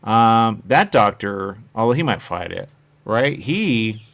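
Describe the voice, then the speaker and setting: A man's voice: on the low side, sing-song, takes it slowly, creaky, fairly bright tone. Rambling chatty male host. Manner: meandering, chatty, acts out quoted voices. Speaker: show host. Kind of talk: rambling casual chat.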